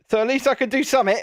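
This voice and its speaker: A man's voice: very high-pitched, dry recording. A British man hosting a live stream, chatting casually to viewers in a self-deprecating, easily flustered way. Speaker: channel host.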